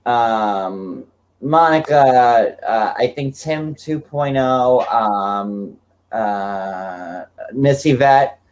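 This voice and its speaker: A man's voice: mid-range voice, a little mellow. A man in his forties hosting a casual livestream chat, talking in a rambling way, full of "like". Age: 40s. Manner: chatty, fillers of "like" throughout. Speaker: livestream host.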